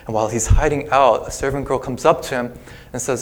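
A pastor, a man, preaching a sermon in a relaxed, conversational way, retelling a scripture story with casual asides. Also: mid-range voice, brisk.

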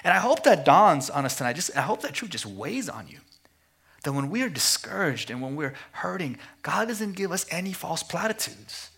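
A man preaching a sermon at a missions conference, passionate and rhythmic, repeating phrases and dropping to hushed tones. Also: on the high side, big pitch swings, normal speed, gravelly. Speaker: guest preacher.

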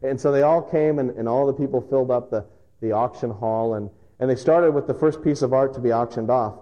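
A male pastor preaching a sermon, telling stories with emphatic pauses. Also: medium pitch, warm tone, muffled recording. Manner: storytelling, emphatic with dramatic pauses.

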